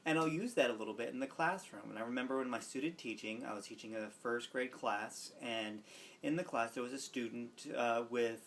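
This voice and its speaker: A man's voice: mid-range voice, brisk, slight background noise. Earnest young man telling a story. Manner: earnest, reflective, with soft quoted asides. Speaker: student teacher. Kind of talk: personal storytelling.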